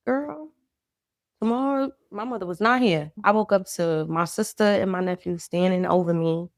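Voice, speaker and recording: A woman's voice: medium pitch, normal speed, no room sound, studio quality. A woman guest on a podcast, earnestly and reflectively telling her own story of loss, faith and healing. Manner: earnest, reflective, talks through grief and faith. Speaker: guest, clothing brand founder. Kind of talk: candid personal storytelling.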